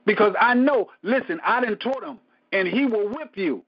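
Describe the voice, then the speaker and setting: In a dull, lo-fi recording, a male pastor teaches Bible study with casual, emphatic preaching, repeating himself and bursting into praise along the way. He speaks at a normal speed in a high, animated voice.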